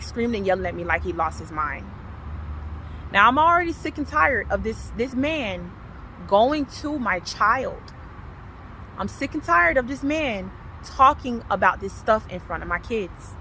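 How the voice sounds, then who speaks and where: A woman, telling her personal testimony with passion, repeating herself and swinging from loud to low. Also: a little hiss or hum. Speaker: vlogger sharing her testimony.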